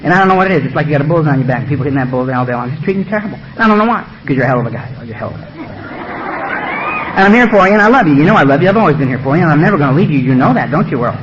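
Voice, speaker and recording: A man voicing a whispering male beast of addiction that coaxes and wheedles in a low, hushed voice. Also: animated, very fast, few pauses, crowd noise, background noise, natural voice. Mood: wheedling. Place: meeting room. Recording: dull lo-fi recording.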